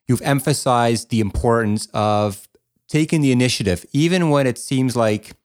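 A man co-hosting a talk show, reflective and affirming, with halting restarts. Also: medium pitch. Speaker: co-host. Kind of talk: casual chat.

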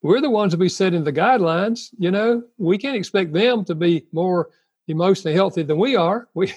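A man's voice: sits high, fairly quick, darkish tone, husky. An older man giving marriage advice in a conversational talk, earnest, often laughing and acting out apologies. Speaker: marriage counselor guest.

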